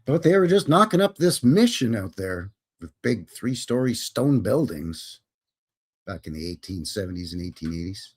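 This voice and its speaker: Brief: upbeat male streamer, animated pitch, joking and greeting viewers. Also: normal speed, slightly rough. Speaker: host. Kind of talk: casual livestream chat.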